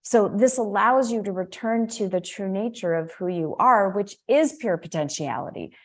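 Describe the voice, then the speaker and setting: A woman's voice: mid-range voice, animated, normal speed. A middle-aged woman giving a spiritual coaching talk in a conversational way, with asides and self-corrections. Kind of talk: teaching talk on spiritual laws.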